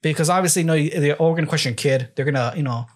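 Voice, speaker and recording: A man's voice: a little high, fast. A man co-hosting a podcast, talking earnestly in casual chat with many "you know" fillers. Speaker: podcast co-host.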